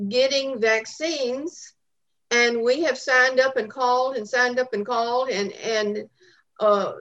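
A woman's voice: fairly high pitch, a bit bright, muffled recording. A woman calling in with a question, sounding frustrated and talking in long run-on sentences. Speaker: caller. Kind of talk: call-in question.

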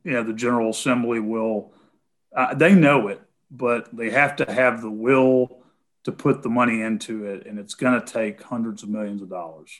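A man's voice: mid-range voice, fairly even intonation, normal speed. A man with a Tennessee accent answering callers' questions in a casual conversation, hesitating often with "um" and "you know".

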